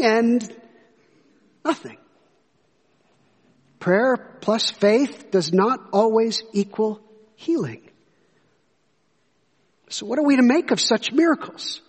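Man, high voice, preaching, earnest storytelling, rhetorical questions, long hall reverb. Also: slightly rough. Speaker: pastor. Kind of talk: sermon.

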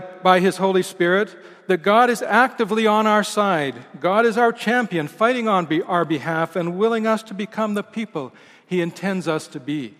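A male pastor delivering a sermon in a measured, emphatic way, letting each phrase sink at its close. His voice sits a touch high for a man. It rings out with a long reverb through a large church hall. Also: fairly bright tone. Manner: measured, emphatic delivery with falling line endings.

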